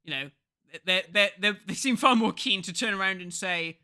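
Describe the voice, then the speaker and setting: A man's voice: sits high, moderate pace, clean tone. A man in his thirties from England, co-hosting a casual podcast chat and telling stories, acting out the people he quotes. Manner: animated storyteller, acts out quoted people. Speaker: podcast co-host.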